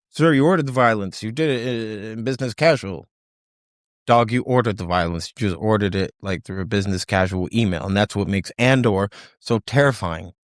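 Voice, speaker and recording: Guy ranting sardonically on his podcast, mid-pitched, dry close mic, mocking voices here and there. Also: no echo. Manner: sardonic and impassioned, mock-quoting officials in put-on voices. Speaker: podcast host. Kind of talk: opinionated commentary monologue.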